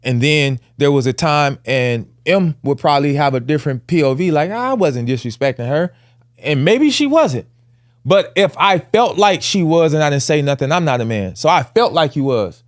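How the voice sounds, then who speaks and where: A man's voice: on the high side, animated, moderate pace, no echo, clean studio sound. A man in his forties, a podcast co-host, telling a personal family story in casual with earnest emphasis. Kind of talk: candid conversational storytelling.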